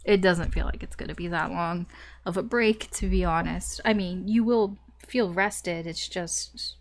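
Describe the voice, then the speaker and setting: A woman's voice: fairly low pitch, moderate pace. Chatty woman giving a tarot reading. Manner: chatty, frequent fillers and restarts, light laughs. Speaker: tarot reader. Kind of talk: casual spoken tarot reading.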